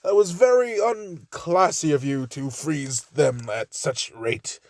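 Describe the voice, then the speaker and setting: A man's voice: fairly high pitch, slow, no echo. A man voicing a formal, scolding teenage class president with a put-on British accent, speaking in a stiff, proper, lecturing way.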